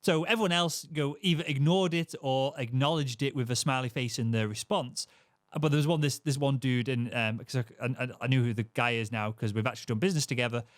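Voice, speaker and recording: A man's voice: mid-range voice, steady tone, fast talker, dry recording, clean studio sound. A man hosting a podcast, asking long, rambling questions full of hedges. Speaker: podcast host. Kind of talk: podcast interview.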